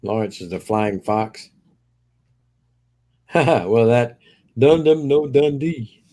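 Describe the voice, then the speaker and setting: A man sits in as co-host on a live stream, reading viewer comments aloud and chatting in an easygoing way. His voice is of middle pitch but moves up and down a lot, and he laughs often. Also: expressive, takes it slowly, dark tone. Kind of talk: casual chat.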